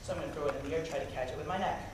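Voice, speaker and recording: A man's voice: a little high, rapid-fire. A man doing a jokey, playful magic show for a young audience at a camp, talking to the kids and calling up volunteers. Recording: echoey hall, distant mic, loud crowd and noise.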